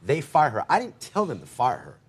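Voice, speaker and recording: A man's voice: fairly high pitch, wildly swooping pitch, husky. A man telling his side of a dispute in a televised courtroom, rambling through his account with quoted back-and-forth. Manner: rambling, rapid retelling with quoted dialogue. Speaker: defendant.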